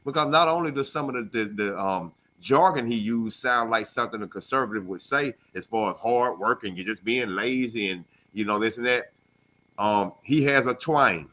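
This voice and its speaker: Man, radio co-host, casual talk, animated storyteller, bright tone. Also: lowish voice, moderate pace. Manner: animated storyteller, acts out voices. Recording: call-in radio show studio.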